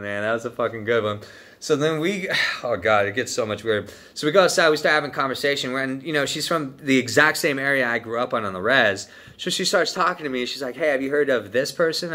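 A man's voice: medium pitch, bright, forceful tone. A young man from the United States telling a long story in a casual, profane, laid-back way, full of "dude" and "man". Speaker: vlogger telling a trip story.

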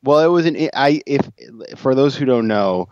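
A man's voice: medium pitch, lively intonation, moderate pace, a little mellow, no echo, muffled recording. A man talking as a guest on an interview podcast, chatty and self-deprecating, laughing easily. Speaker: guest author and investor. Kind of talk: interview conversation.

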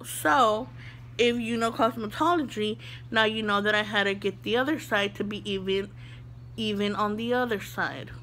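A young adult woman vlogger telling an animated storytime. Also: mid-range voice, normal speed, slight background noise.

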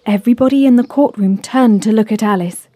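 Woman telling a kids' story, warm and calm, clear and steady. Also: fairly high pitch, a little fast. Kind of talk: children's story narration.

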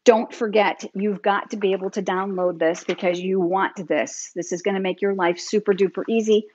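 A woman's voice: medium pitch, steady tone, normal speed, a little mellow, lo-fi sound, a little hiss or hum. A middle-aged woman teaching card making on a live stream, chatty and upbeat, talking straight to her viewers. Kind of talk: live crafting tutorial. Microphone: demonstrating at a craft table, hands busy.

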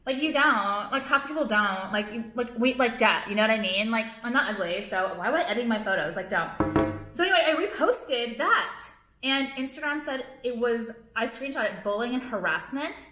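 A woman's voice: on the high side, expressive, normal speed, pushed and bright, faint music behind. A young woman vlogging to camera, who owns a jewelry line and rants casually, with lots of fillers, bluntness and swearing. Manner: rambling, heavy on "like", blunt and profane. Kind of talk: casual ranting vlog to camera. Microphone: camera, not phone. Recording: echoey room.

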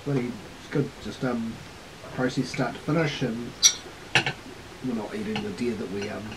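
A man, a father on a guided hunt, chatting in a relaxed, joking, plain-spoken way. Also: medium pitch, moderate pace, heavy background noise. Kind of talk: casual chat.

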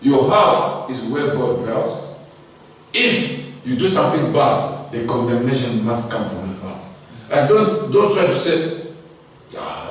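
A male pastor preaching a sermon, emphatic and repetitive, often asking the congregation if they follow. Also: medium pitch. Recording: echoey hall from far off.

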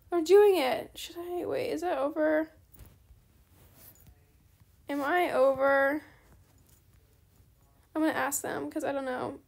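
With a slow delivery and long pauses, a young woman who hosts a gaming channel talks casually over gameplay. Her high voice sinks into gravelly fry, and she rambles loosely, apologizes often, and brightens at anything new.

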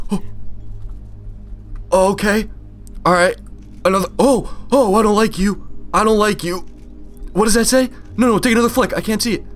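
A man's voice: mid-range voice, fairly bright tone. A young man giving nervous, jumpy running commentary as he plays a horror game, talking to himself the whole way. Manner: jumpy, nervous, talks to himself while playing. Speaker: gaming channel host.

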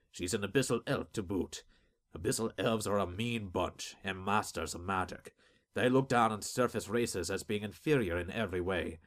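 A man voicing a gruff, blunt older male arena trainer with folksy speech. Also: on the low side, natural voice.

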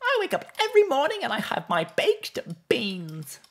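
A man putting on the voice of a prim, chirpy pet guinea pig on a live stream, with drawn-out, over-pleased words. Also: very high-pitched, wildly swooping pitch, voice pushed up, exaggerated voice.

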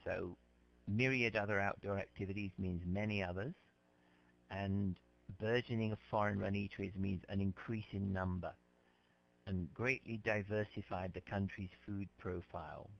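A man teaching an English class, explaining words slowly and patiently to his students. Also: deep voice, steady tone, vocal fry. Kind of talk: classroom lecture. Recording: dull lo-fi lecture recording.

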